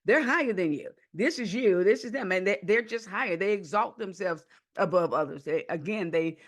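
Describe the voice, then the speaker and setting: A woman hosting a podcast, teaching in a lively way with many repeated words and restarts, sometimes acting out rude people in a raised voice. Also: mid-range voice, normal speed. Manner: animated, acts out rude people in a raised, whiny voice. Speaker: podcast host and counselor.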